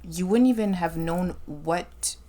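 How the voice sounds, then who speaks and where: Woman, podcast host, low-ish voice, thoughtful conversational advice. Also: slow pace, dark tone. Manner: reflective, faith-minded advice with frequent "right?" check-ins. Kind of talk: casual conversation.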